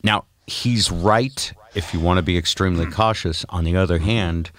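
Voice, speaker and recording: A man's voice: low-pitched, moderate pace, fairly bright tone. An older man hosting a podcast, chatting casually in a wry, self-mocking way and stumbling over his words. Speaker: podcast host.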